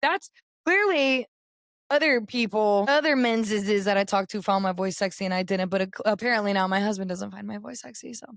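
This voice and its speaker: Raspy young woman on a podcast, dry close sound, spills dating stories all animated. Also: medium pitch, quick pace, hardly any pauses, dry recording. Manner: candid, animated storytelling. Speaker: podcast co-host. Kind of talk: casual chat.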